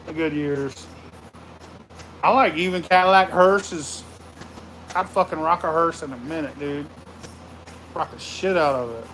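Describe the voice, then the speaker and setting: A man hosting a casual livestream from his home man cave, greeting viewers with loud, profane, rambling shout-outs. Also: a little high, measured pace, long pauses, a little hiss or hum, poor audio. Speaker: livestream host.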